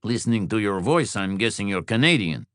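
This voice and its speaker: A man voicing a friendly, energetic male mechanic who talks with light, helpful concern. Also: on the low side, brisk, clean tone, no room sound, studio quality.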